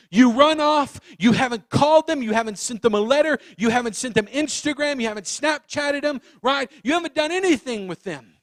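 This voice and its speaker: Animated high-voiced youth pastor. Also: male voice, moderate pace, no echo. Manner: animated, acts out voices of the story. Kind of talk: youth sermon.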